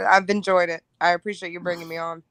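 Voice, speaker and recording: A woman with a Southern US drawl talks openly and frankly as a guest on a casual panel. Her voice is bright and forward. The sound is close and dry. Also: on the low side, fairly quick, dry recording. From Alabama, US South. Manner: candid, animated, laughs easily.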